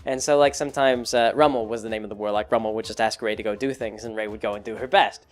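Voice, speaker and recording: A man's voice: lowish voice, steady tone, fast talker, soft background music. A man casually recounting a tabletop campaign he ran as game master, rambling with many fillers. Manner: rambling, full of fillers and restarts. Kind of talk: casual chat.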